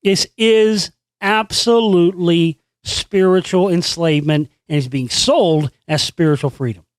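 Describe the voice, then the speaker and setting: A man hosting his own channel, delivering a profane, sarcastic ranting monologue and animated storytelling. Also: high-pitched, a little slow, dry recording, studio quality. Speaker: channel host.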